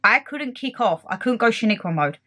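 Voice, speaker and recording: A young woman, telling a story in a casual, animated and indignant way. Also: a little high, brisk. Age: young adult. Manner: animated, indignant retelling with quoted back-and-forth. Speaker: beauty vlogger.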